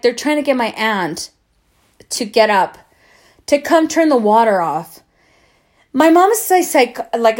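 Animated young woman telling a story. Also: on the high side. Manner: animated, swearing, acts out quoted voices. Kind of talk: casual storytelling.

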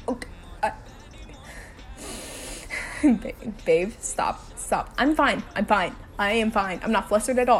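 A woman in a role-play skit, a girlfriend driving her partner home, talking to the listener and swearing while insisting she is calm. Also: fairly high pitch, a little slow, long pauses, soft background music. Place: in a car.

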